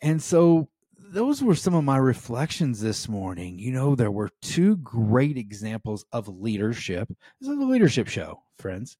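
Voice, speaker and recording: A man's voice: mid-range voice, big pitch swings, a little slow, mellow, slightly rough, no echo, clean studio sound. An American man hosting a leadership podcast, speaking earnestly with frequent "um" and "right?" and rising emphasis. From United States. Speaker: podcast host. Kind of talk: reflective solo podcast talk.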